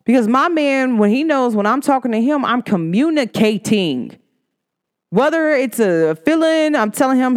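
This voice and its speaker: A blunt, outspoken woman speaks casually to the camera. Her voice is smooth and resonant, and she talks with emphatic energy, putting on other people's voices when she quotes them. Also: high voice, expressive, moderate pace. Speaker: vlogger.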